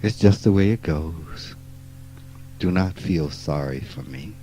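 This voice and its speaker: A man, giving a spiritual talk in a blunt, profane, emphatic way that swings from quiet asides to loud outbursts. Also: low-pitched, takes it slowly, soft background music, poor audio. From rural Mississippi. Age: 50s. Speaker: spiritual teacher. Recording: archival 1989 talk recording.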